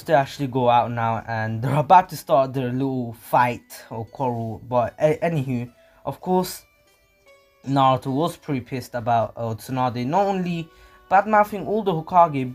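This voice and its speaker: A man's voice: medium pitch, normal speed, soft background music. A man casually narrating a fan story, rambling with many fillers and restarts. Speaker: anime channel narrator.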